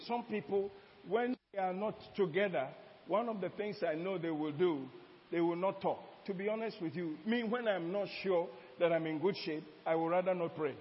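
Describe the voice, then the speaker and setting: A man preaching to his congregation, his voice pitched high and bouncing off a long-echoing hall. He teaches, jokes and calls out to the room between points. The sound is muffled and dull. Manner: preaching with call-and-response asides and laughter. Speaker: pastor. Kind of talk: sermon. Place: church hall.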